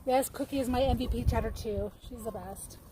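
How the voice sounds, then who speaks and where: A woman with a high voice talks casually into a phone while she works in her backyard garden. She rambles and greets viewers by name. Loud wind and outdoor noise roar around her. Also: a little fast. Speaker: livestreaming gardener. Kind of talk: casual live-stream chat.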